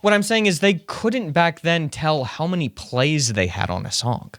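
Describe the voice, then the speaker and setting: A man's voice: fairly high pitch, lively intonation, normal speed, a bit bright, no echo. Man from Tennessee, podcast co-host, conversational storyteller, dry studio sound. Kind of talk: casual chat.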